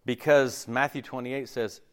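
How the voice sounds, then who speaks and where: A man preaching a sermon, animated, acting out quoted voices and often checking in with "okay?". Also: medium pitch, unhurried. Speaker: pastor. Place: church.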